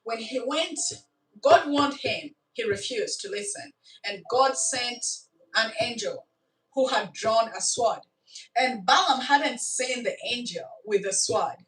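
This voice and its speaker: A woman tells a dramatic story in a casual, lively way, breaking off for asides to her listener. Her voice sits a bit high and carries the echo of a bare room. She is some distance from the mic. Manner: animated, dramatic retelling with asides. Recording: echoey room, from far off.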